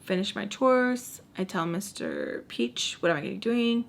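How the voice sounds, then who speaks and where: A woman's voice: medium pitch, sing-song, normal speed, creaky. A young woman in her twenties casually telling a personal story, acting out her own lines and repeating phrases for emphasis. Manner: dramatic, acts out her own past lines in quotes. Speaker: storytime vlogger.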